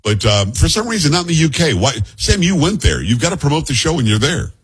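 A man hosts a radio talk show at a rapid clip, his voice a little husky. He rambles from topic to topic and teases his co-host. He talks into a studio microphone. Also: on the high side, very animated. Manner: jokey, rambling, teasing banter. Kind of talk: casual radio talk and banter.

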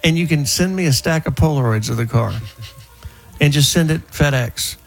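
A man's voice: on the high side, normal speed, vocal fry, faint music behind. A man hosting a call-in radio talk show, chatting loosely with callers and guests, often restarting his sentences. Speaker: radio host.

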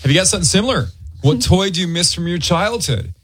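A man's voice: high-pitched, big pitch swings. A man hosting a morning radio show, joking and laughing through casual banter. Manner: jokey, quick, laughs often.

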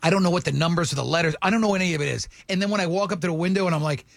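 A man's voice: sits high, racing, vocal fry, dry recording. A middle-aged man co-hosting a casual chat, telling a rambling story with lots of restarts. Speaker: podcast co-host.

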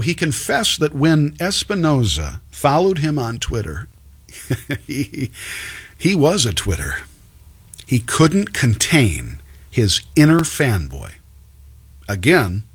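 A man's voice: a little high, fairly bright tone, husky. A man hosting political commentary, reading an article aloud with sarcastic, scornful asides. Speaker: commentary host.

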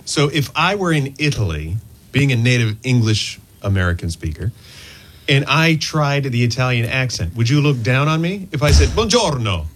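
A male radio co-host with a husky voice. His pitch swings widely as he tells a story in a playful way. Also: animated, normal speed. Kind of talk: casual radio chat.

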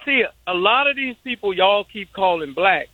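A man's voice: high-pitched, expressive, normal speed, no room sound. A man calling into a radio talk show, insistent and stubborn, repeating himself to make his point. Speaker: caller. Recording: phone line.

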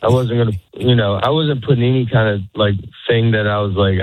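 A man's voice: lowish voice, brisk, dry recording. A stand-up comedian in his forties, chatting in a rambling way with lots of restarts and laughs, as a guest in an interview. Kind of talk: casual interview chat. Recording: tinny phone-like radio line, dry.

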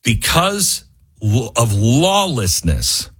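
A man hosting a radio talk show, delivering an impassioned political monologue that climbs to near-yelling in frustration. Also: mid-range voice, big pitch swings, unhurried, husky. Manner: rising to near-yelling, fiery and exasperated. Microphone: studio microphone.

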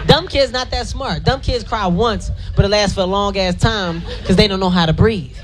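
High-voiced fast stand-up comedian. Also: male voice. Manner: fast, animated storytelling. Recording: live show with crowd and noise.

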